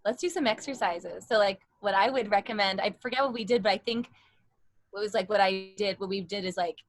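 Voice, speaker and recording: A woman's voice: medium pitch, fairly quick, no room sound. A young woman teaching vocal exercises in a casual chat, explaining how to speak healthily. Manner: demonstrates bright forward vocal exercises. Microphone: livestream.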